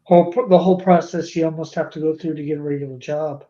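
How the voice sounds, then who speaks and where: A man's voice: on the high side, fairly even intonation, fast talker, dark tone, highs cut off. A man chatting casually on a stream, hesitant and full of restarts and "you know"s. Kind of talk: casual chat.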